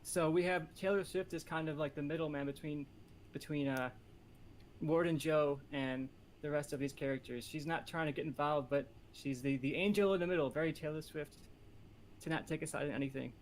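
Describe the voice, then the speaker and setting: A man talks through a movie pitch on a casual comedy podcast, rambling and joking with plenty of fillers. His voice sits a little high. A faint hiss runs under the recording. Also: fairly quick.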